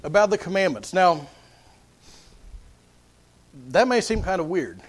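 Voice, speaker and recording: Male preacher with a high voice, earnest sermon delivery, repeats words as he builds each point. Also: lively intonation, a little slow.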